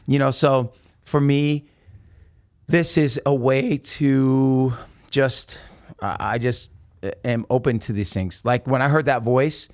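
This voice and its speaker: Animated man telling stories, dry sound. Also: medium pitch, slow pace, dry recording. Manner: animated, emphatic storyteller. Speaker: podcast guest. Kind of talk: casual storytelling.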